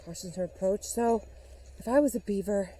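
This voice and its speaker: On a forest trail, a woman vlogs a playful, mock-spooky investigation in a mid-range, brisk, mellow voice with a breathy edge, chatting to her dog while a little out of breath. The audio quality is poor.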